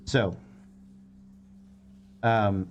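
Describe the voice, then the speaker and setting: Brief: unhurried male game master with a lowish voice, narrating haltingly with many pauses. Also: fairly even intonation, slight background noise. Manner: halting, many fillers and restarts.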